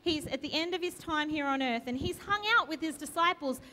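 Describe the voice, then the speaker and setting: A woman's voice: sits high, a little fast, pushed and bright, slight background noise. A woman preaching a sermon in a church, asking the congregation a string of repeated questions. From Australia. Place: church sanctuary. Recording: long reverb of a church hall.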